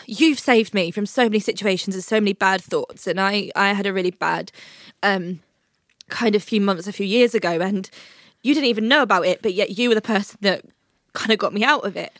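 A woman's voice: medium pitch, fairly bright tone, no room sound, clean studio sound. A woman co-hosting a podcast, crying as she comforts her best friend over a video call, swearing freely. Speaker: podcast co-host. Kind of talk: emotional casual chat.

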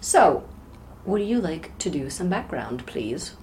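Woman podcast co-host, lowish voice, wry and casual. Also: big pitch swings, slow pace, a little mellow. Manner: wry, joking asides. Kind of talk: casual book discussion.

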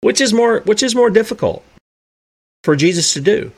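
A man's voice: high-pitched, animated, normal speed, darkish tone. A man preaching a sermon who asks his listeners rhetorical questions and acts out the characters in the stories he tells.

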